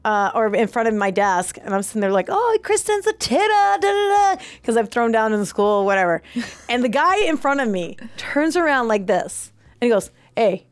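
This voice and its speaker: A woman co-host with a medium-pitched voice tells a long, animated story at a moderate pace, frequently laughing and performing characters' voices. The recording has no room sound.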